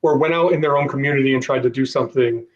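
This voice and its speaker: A man's voice: medium pitch, very fast, dull audio. A man co-hosting a casual podcast, telling rambling self-deprecating stories. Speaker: co-host.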